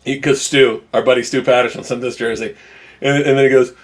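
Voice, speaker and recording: A man hosting a relaxed sports betting podcast at an ordinary middle pitch. He talks in an animated way, gives blunt opinions and breaks into laughs easily. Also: fairly quick. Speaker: podcast host. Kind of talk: casual sports betting chat.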